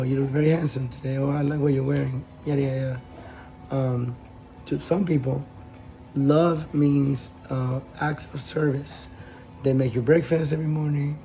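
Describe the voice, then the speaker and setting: Man host, casual advice talk; slightly raised pitch, warm mellow timbre, hesitant delivery, faint music bed. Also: rough recording. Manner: hesitant, many fillers and restarts.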